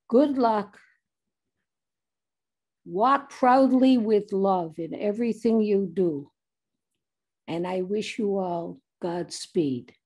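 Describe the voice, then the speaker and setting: A woman's voice: medium pitch, dark tone. A woman giving an earnest commencement speech to medical graduates, exhorting and telling a parable. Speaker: commencement speaker.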